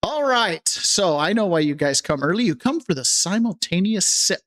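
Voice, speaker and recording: A man's voice: sits high, normal speed. A man hosting a casual political talk podcast, joking and sarcastic as he greets viewers in the chat. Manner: animated, joking, sarcastic, reads chat aloud. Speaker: podcast host.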